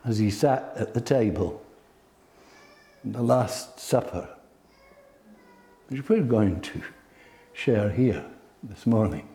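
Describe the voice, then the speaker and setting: A man preaching a sermon slowly, building to loud, emphatic peaks. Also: lowish voice, animated.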